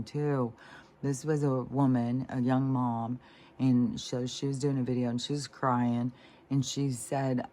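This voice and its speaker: A casual vlog monologue from a speaker of middling pitch who wanders between thoughts, trailing off into fillers and restarts. The tone runs indignant and disgusted, with loose swearing and moments that drop almost to a whisper. A faint ambient hum sits under the voice. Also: fairly even intonation, slow pace. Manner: meandering, with frequent fillers and restarts; drops to a soft near-whisper at times. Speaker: vlogger.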